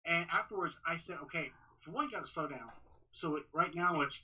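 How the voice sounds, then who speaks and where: A man from Texas talks as a podcast guest, his voice very bright and forward and a touch higher than most. He stumbles and restarts often. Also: lively intonation, husky, poor audio. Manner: halting, many restarts and fillers. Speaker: ring announcer, guest. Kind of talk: casual interview talk.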